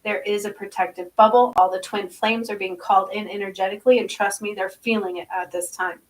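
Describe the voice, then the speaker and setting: A woman's voice: medium pitch, fairly even intonation, a little fast, recorded from a distance, poor audio. A woman channeling spirits aloud in an intense, repetitive monologue, often asking listeners if they understand and chanting strings of strange syllables. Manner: speaks with eyes closed, asks listeners if they understand.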